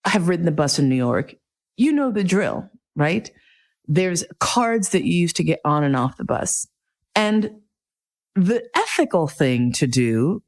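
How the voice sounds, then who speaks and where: Animated profane middle-aged woman. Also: lowish voice. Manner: animated, profane, comic outbursts in quoted inner voice. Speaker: podcast host telling a personal story. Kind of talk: casual storytelling monologue.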